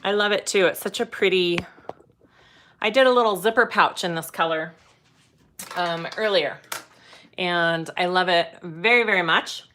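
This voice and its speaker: A woman's voice: on the low side, normal speed, pauses often, a bit bright, slight background noise. A woman hosting a live sewing demonstration, chatty as she explains each step and greets viewers. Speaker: sewing tutorial host.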